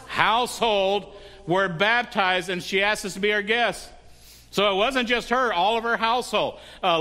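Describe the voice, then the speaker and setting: A man's voice: high-pitched, sharp tone. A male pastor preaching a sermon in a conversational way, often asking the congregation questions.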